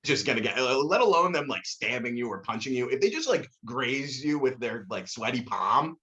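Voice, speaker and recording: A man appearing as a podcast guest, telling anecdotes animatedly, swearing, and acting out quotes in sudden pitch jumps. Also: very animated, moderate pace, a bit bright, lo-fi sound. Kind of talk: casual podcast chat.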